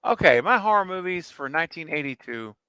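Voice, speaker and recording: A man co-hosting a casual livestream chat, chiming in and reminiscing with animated energy. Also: on the high side, brisk, clean tone, no echo. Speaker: co-host.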